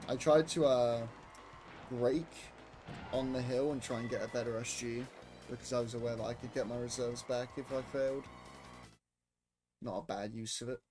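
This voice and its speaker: A loud, excitable young British man who swears casually while commenting on his own speedrun. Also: mid-range voice, moderate pace, long pauses. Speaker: speedrunner streaming a racing game. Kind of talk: casual live commentary over gameplay. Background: game music and engine sounds.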